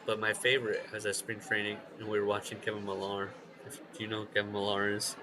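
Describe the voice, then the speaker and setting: A man co-hosting a podcast in casual chat, telling stories with swearing and loud, mimicked shouts. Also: fairly low pitch, fast, noisy background. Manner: animated storyteller, swears, shouts out quoted voices. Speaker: podcast co-host.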